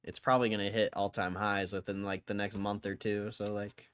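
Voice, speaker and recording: A man's voice: lowish voice, little pitch movement, a little fast, few pauses, fairly bright tone, clear, resonant tone. A young man from Connecticut hosting a livestream, reading headlines and making wry, offhand comments in casual chat. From Connecticut, USA. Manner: laid-back, wry, offhand remarks. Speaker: livestream host.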